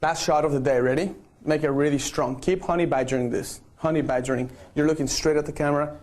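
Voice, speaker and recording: Man, slightly high voice, photographer coaching a group, playful and coaxing. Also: steady tone, quick pace, a little mellow. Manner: playful, coaxing, repeats okay. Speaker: photographer directing a group shoot. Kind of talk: live-streamed instruction.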